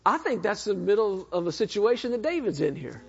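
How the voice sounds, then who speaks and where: Man, pastor, high voice, sermon, hushed drops and urgent bursts, questions to the congregation, dull lo-fi sound. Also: big pitch swings, brisk, vocal fry, breathy edge. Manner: preaching with sudden drops to a hush and rising bursts. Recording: dull lo-fi recording.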